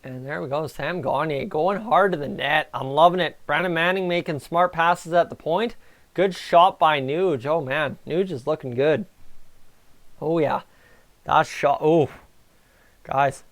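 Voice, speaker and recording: A Canadian man hosting a live stream, giving excitable, chatty reaction commentary on a hockey game and talking to his viewers. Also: fairly high pitch, measured pace. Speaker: livestream host.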